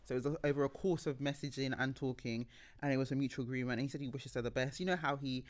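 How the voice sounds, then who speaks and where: A woman co-hosting a podcast, chatting casually and telling stories in an animated way with many restarts. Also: rumbling low, rapid-fire. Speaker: podcast co-host. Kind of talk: casual chat.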